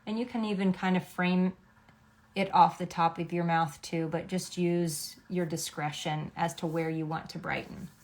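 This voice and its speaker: A woman's voice: lowish voice, fairly even intonation, moderate pace. A middle-aged woman, a makeup artist, explaining a makeup routine step by step in a chatty, instructive way, often checking in with "okay?". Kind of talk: makeup tutorial.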